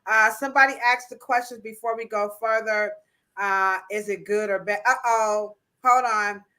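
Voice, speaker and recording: Female livestream host, bright, playful, teasing banter. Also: mid-range voice, steady tone, moderate pace. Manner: playful, teasing, slangy, mock-scolding asides. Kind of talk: casual livestream chat.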